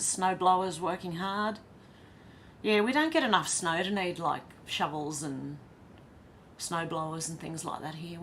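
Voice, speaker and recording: A woman's voice: lowish voice, fairly bright tone, slight background noise. An Australian woman hosting a casual livestream, reading viewer comments aloud and reacting with laughs. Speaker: livestream host reading chat. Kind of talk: casual live chat.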